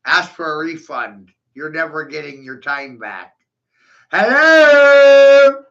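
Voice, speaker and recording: A man's voice: mid-range voice, unhurried, vocal fry, bright, forceful tone. A man in a profane, mocking rant, taunting his listeners and breaking into scornful laughs. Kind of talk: ranting monologue. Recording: dull lo-fi recording.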